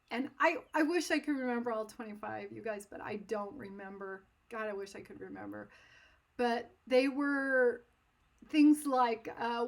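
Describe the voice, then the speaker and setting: A woman telling a personal story in an animated, self-deprecating way, laughing often. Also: fairly high pitch. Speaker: art instructor.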